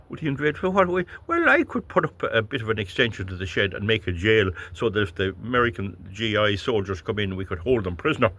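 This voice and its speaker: A man's voice: on the low side, fairly bright tone, slightly rough. A man with an Irish accent giving a blunt, rambling political monologue to camera, stumbling over words and chuckling as he goes. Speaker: vlogger.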